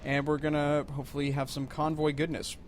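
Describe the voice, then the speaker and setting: A man's voice: on the high side, monotone, fairly quick, a little hiss or hum. A man giving casual, rambling let's-play commentary with wry, self-mocking humor.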